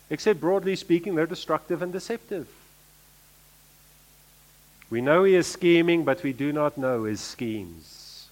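A man preaching a sermon, repeating key phrases and swinging between emphatic lines and quiet asides. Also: fairly high pitch, expressive, a little slow, long pauses.

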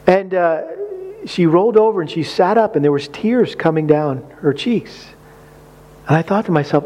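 Middle-aged male pastor with a high voice; animated sermon delivery, acting out his own story. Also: normal speed.

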